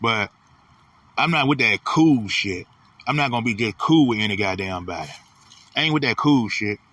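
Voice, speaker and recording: A man's voice: mid-range voice, expressive, moderate pace, a bit bright, breathy edge, no echo, recorded from a distance. A man delivering a blunt, profane, repetitive casual ranting monologue as host of his own channel.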